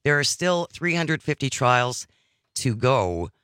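A man's voice: mid-range voice, big pitch swings, takes it slowly, bright, forceful tone, clear, resonant tone, no echo. A man hosting a radio talk show, speaking conversationally and earnestly, laying out his points one by one in a studio. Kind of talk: casual political talk.

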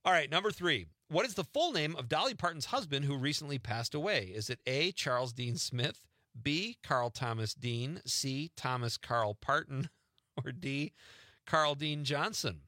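A man's voice: fairly high pitch, expressive, unhurried, sharp tone, no echo, clean studio sound. A man hosting a radio talk show, joking and laughing while he reads out a multiple-choice quiz. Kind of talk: casual radio chat and quiz.

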